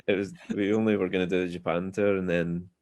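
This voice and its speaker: A Scottish man chatting as a podcast guest, telling relaxed, self-deprecating stories. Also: deep voice, fast talker. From Scotland. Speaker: guest musician. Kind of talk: casual podcast chat.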